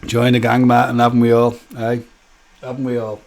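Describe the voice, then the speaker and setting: A man hosts a relaxed live stream, bantering with his viewers and calling them by name. He laughs easily and keeps a friendly, jokey tone. His voice sits at an ordinary middle pitch. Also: brisk, vocal fry.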